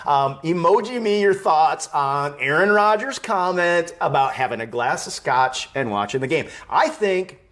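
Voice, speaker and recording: A man's voice: a little high, fairly bright tone. A man from Wisconsin hosting a live fan stream, chatting casually, reading viewer comments aloud and laughing easily. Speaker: live show host.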